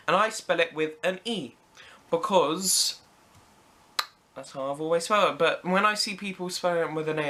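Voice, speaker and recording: A man's voice: a little high, normal speed, pushed and bright. A British teenage boy answering random questions to camera in a chatty, playful way with jokey asides. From Britain. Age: teens. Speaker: vlogger. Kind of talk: casual Q&A to camera.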